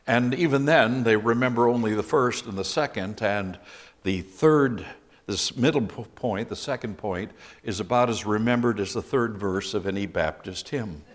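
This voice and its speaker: A middle-aged man preaching a sermon as pastor, slow and emphatic, bursting into loud quotations now and then. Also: fairly low pitch, in a large hall.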